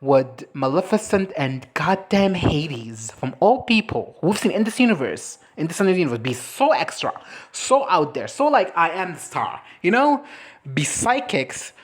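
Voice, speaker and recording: A woman chatting casually as a movie reviewer, animated and swearing, breaking into quick impressions of characters. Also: lowish voice, breathy edge. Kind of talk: casual reaction chat.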